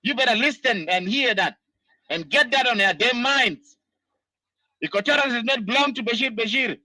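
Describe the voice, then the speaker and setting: A man rants in a heated political monologue, his voice very high and piercingly bright. He keeps circling back with "you know" as he scolds, and the sound is completely dry, with no room echo. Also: normal speed. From South Sudan. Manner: angry, ranting, peppered with "you know". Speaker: diaspora political commentator.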